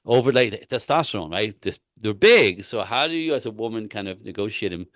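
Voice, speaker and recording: A man, a relationship coach, talking in a casual interview with emphatic, repetitive points and animated stories. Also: lowish voice, fast, dry recording, studio quality.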